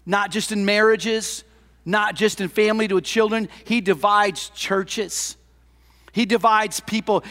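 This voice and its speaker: An older man preaches a sermon as pastor in an extremely high-pitched voice, impassioned and full of rhetorical questions. He swings between loud lines and hushed ones, and the recording carries a long hall reverb.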